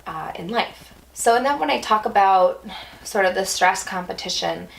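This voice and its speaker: A young woman hosting a casual vlog, talking things through out loud with restarts and lively little outbursts. Her voice has a slight gravelly fry, and her pitch sits in an ordinary middle range. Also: moderate pace, low-quality recording. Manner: thinking aloud, with restarts and playful exclamations. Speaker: yoga instructor and vlog host. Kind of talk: casual reflective vlog talk.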